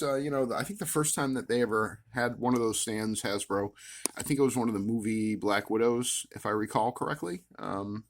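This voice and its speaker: Rambling low-voiced man, full of "uh"s. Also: a little hiss or hum. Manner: rambling, many "uh" fillers, wry self-amused asides. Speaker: action figure collector vlogger. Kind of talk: casual rambling show-and-tell. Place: at his worktable at home.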